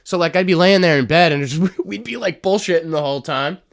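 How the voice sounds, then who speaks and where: A male comedian telling family stories on a podcast, animated and swearing freely. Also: a little high, a little fast, creaky. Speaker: comedian guest. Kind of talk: casual podcast storytelling.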